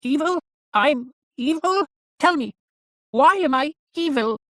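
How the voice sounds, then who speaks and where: A raspy, shrill evil dummy in an audiobook, very high, eager and cruel, dry sound. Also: male voice, expressive, slow pace, fairly bright tone, no room sound, full character voice. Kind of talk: audiobook narration.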